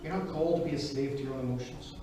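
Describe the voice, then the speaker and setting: A man's voice: medium pitch, very fast. A man preaching a sermon, earnest and personal, speaking straight to the congregation. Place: church hall. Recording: echoey hall, distant mic, noisy.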